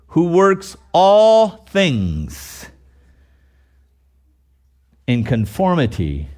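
Man preaching, slow and deliberate, pitch swinging widely, fairly high voice, loud emphatic peaks. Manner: reads scripture slowly and emphatically, with sudden loud, exclaiming peaks. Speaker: pastor. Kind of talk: sermon.

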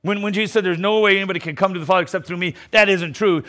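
A middle-aged man races through an emphatic sermon, lurching from loud declarations to low, mocking asides. He often repeats words as he restarts a line.

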